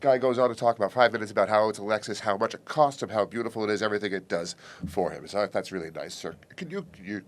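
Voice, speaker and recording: A man's voice: fairly low pitch, quick pace, few pauses. A man telling a joke in casual conversation, narrating it plainly.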